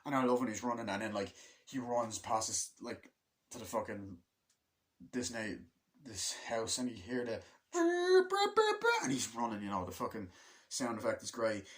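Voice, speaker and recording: A man's voice: fairly low pitch, steady tone, normal speed, fairly bright tone. Rambling man reviewing a film. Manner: rambling, swears freely, hums the music. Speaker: movie reviewer. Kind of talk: casual spoken movie review.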